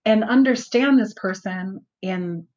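A woman guest talking earnestly and reflectively, often pausing to find her words. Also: mid-range voice, darkish tone, muffled recording. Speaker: outreach worker and guest. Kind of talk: conversational interview.

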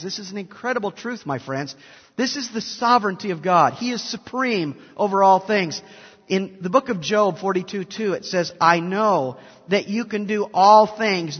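High-voiced man in his fifties preaching. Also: long reverb tail, lo-fi sound. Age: 50s. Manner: emphatic preaching, swings between loud and soft. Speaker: pastor. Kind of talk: sermon. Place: large church hall.

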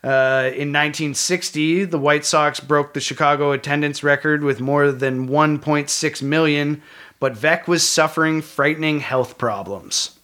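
A man's voice: fairly high pitch, steady tone, a little slow, fairly bright tone. A man co-hosting a casual talk podcast, reading history notes aloud with small slips and joking asides. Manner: reads from notes with small slips, jokes with co-host. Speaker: podcast co-host.

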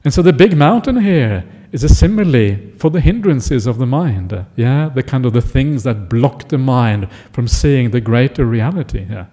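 A man's voice: medium pitch, animated, normal speed, hardly any pauses, mellow. A man, a Buddhist monk, giving a chatty dharma talk and often checking in with listeners. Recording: echoey hall.

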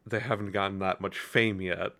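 A podcast co-host in relaxed conversation, pushing back on small plot details with a skeptical, teasing tone. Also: low-pitched, moderate pace, gravelly. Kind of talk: casual chat.

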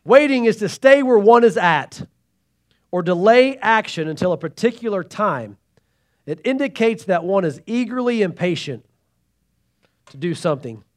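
A pastor with a notably high voice delivers a sermon. He swings between loud, pleading emphasis and hushed asides. He keeps calling out to the congregation for a response. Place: church sanctuary.

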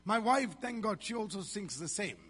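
Malaysian male pastor, 50s, husky higher voice, emphatic call-and-response sermon, reverberant hall. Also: lively intonation, normal speed, fairly bright tone. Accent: Malaysian English.

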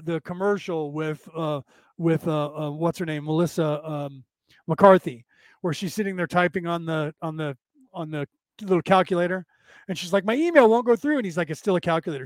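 A man's voice: fairly high pitch, dry recording. A man hosting a podcast class, talking in a rambling, sarcastic monologue with profanity, acting out quoted exchanges. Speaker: podcast host teaching a class. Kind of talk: casual lecture-style monologue.

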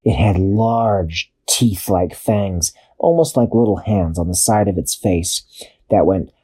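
A man narrating an improvised children's story in an expressive, drawn-out storytelling manner. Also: low voice, slight background noise. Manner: expressive, drawn-out storytelling with sound-effect pauses.

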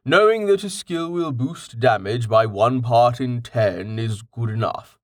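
Male narrator as patient, well-read companion, matter-of-fact, mid-pitched. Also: a little slow, no echo, clean studio sound, natural voice. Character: patient man, well-read, calmly explaining.

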